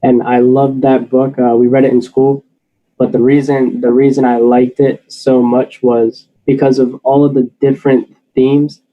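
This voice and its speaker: A man's voice: medium pitch, highs cut off. A young man, a senior student, talking earnestly and hesitantly about his favorite books, with many restarts. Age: young adult. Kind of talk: casual spoken reflection.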